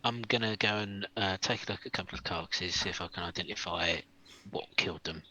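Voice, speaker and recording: Deep, husky man playing a tabletop game. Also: fast talker, bright, forceful tone, poor audio. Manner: hesitant, with restarts. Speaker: player. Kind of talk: tabletop role-play.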